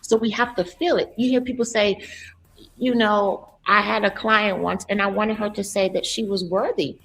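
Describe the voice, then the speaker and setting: A woman's voice: medium pitch, fairly even intonation, normal speed, creaky, fairly bright tone, slight background noise, low-quality recording. A woman hosting an interview as a coach over a video call. She speaks in an affirming way and keeps murmuring agreement. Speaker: host and coach. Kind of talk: casual interview chat.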